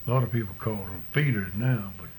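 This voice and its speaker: An older man talks in a fairly low voice. He answers in short, plainspoken, drawling bits. A faint hiss sits underneath. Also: fast. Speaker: interviewee. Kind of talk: casual rural dialect interview.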